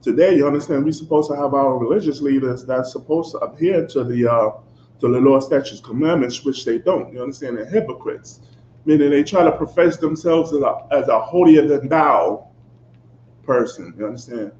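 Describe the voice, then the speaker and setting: In a mid-range, darkish voice at normal speed, a man preaches a fiery, confrontational sermon full of swearing, asking "you understand?" after nearly every phrase. The recording is echoey, dull, and lo-fi, with faint background noise.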